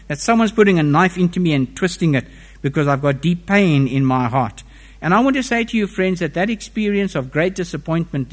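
A man preaches a sermon, reading scripture aloud and then explaining it, his pitch and volume rising and falling expressively.

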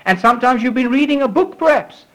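A man's voice: very high voice, expressive, fast talker, fairly bright tone, poor audio. A man preaching a fervent sermon, with emphatic repetition and a voice that swells and drops. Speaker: pastor.

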